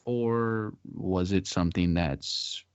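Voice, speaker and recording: A man's voice: low voice, slow, smooth, no room sound. A young man on a casual podcast, telling a laid-back ghost story and laughing his way through it. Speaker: podcast co-host. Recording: slightly dull, lo-fi mic.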